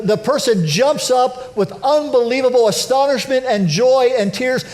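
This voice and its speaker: A male pastor giving a conversational, animated church sermon with self-deprecating humor. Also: sits high. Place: church sanctuary.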